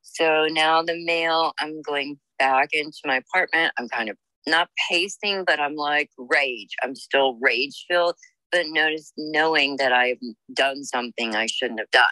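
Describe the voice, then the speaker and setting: A woman working as a psychic medium, giving a reading in a halting, searching way with many fillers and restarts. She speaks in the first person as the people she senses. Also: low voice, sharp tone, no echo, rough recording. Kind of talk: intuitive reading monologue.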